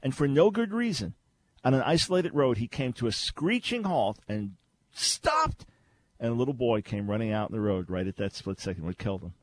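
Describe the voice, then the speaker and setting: Animated man hosting a call-in show. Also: medium pitch, fairly quick. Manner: lively storyteller who repeats key phrases. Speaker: radio host. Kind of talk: call-in radio teaching.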